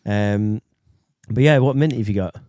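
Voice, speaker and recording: A man's voice: lowish voice, measured pace, mellow, no room sound. A man hosting a podcast in a small studio, joking and rambling, laughing often. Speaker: podcast host. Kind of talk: casual banter.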